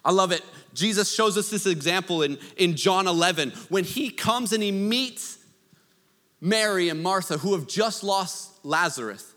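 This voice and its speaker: A man preaching a sermon, conversational with joking asides, swinging from loud to hushed. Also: high-pitched, normal speed, in a large hall. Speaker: pastor.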